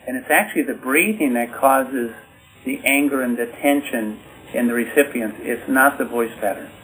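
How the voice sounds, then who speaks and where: A man's voice: medium pitch, normal speed, fairly bright tone, faint music behind, low-quality recording. A man being interviewed as an author, explaining his ideas in an instructive way and showing points by example. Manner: instructive, talks in bottom lines, demonstrates by example. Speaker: author and communication expert guest.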